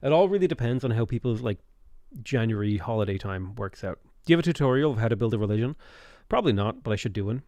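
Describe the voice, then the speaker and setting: A man's voice: fairly low pitch, lively intonation, fast, warm tone, no echo. A man with an Irish accent, casually chatting on a live game stream, rambling as he reads out and answers viewers' questions.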